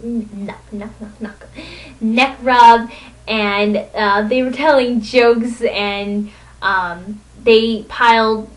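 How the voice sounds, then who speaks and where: A woman's voice: medium pitch, poor audio. A woman vlogging a casual, rambling recap of a convention weekend from home, telling stories with giggles. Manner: rambling, excitable storytelling with giggles.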